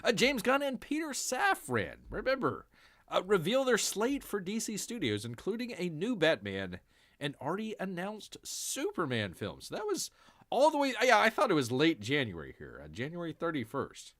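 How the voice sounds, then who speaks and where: A man's voice: high-pitched, wildly swooping pitch, normal speed, fairly bright tone, dry recording, clean studio sound. A man hosting a casual livestream, joking and sarcastic, calling himself by his nickname in third person and addressing the audience as "people". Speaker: livestream host. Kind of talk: casual livestream news chat.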